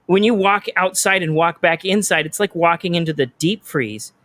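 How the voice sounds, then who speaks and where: A young man holds forth on a casual podcast, ranting and cursing with lively comic outrage. His voice sits a little high and sounds close and dry, with no room around it. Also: normal speed, no echo. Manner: profane, ranting, animated.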